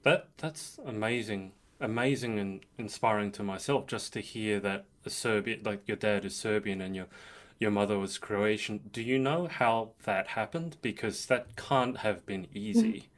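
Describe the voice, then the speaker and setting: A man's voice: on the low side, normal speed. A man hosting a live interview, asking curious, earnest questions with some hesitations and restarts. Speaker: interview host. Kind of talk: casual interview.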